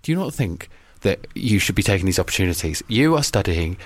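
A man's voice: low-pitched, very animated, fairly quick, no room sound. A man co-hosting a radio show, chipping in with dry jibes. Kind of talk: jokey radio banter.

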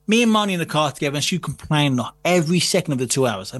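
A man's voice: a little high, animated, very fast, few pauses. A man telling a story in casual chat, swearing freely, acting out quotes and laughing often. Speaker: guest.

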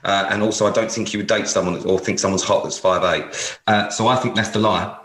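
Young man, podcast co-host, low and teasing, interrogating tone, echoey room. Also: fairly even intonation, a little fast, noisy background. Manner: teasing, quizzing like a detective. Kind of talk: casual chat.

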